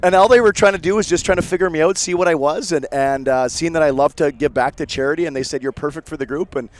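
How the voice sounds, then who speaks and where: Fast-talking Canadian man telling stories. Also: fairly high pitch, slight background noise. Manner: rapid animated storyteller acting out quotes. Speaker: guest, former hockey player. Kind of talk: casual storytelling chat. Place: suite at a golf tournament.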